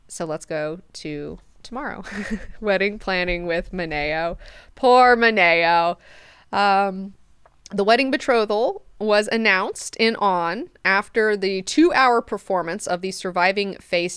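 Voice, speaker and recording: A woman's voice: mid-range voice, unhurried, clear, resonant tone, dry recording, clean studio sound. A woman hosting a book club, casually retelling and reacting, with frequent swearing. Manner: profane, animated, chatty retelling.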